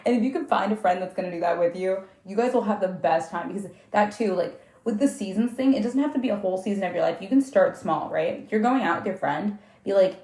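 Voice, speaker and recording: A woman's voice: medium pitch, fast, hardly any pauses, dark tone. A young woman hosting a podcast in casual chat, swearing freely and acting out little scenes as she talks. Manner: chatty, swears often, acts out little scenes. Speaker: podcast host. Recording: echoey room.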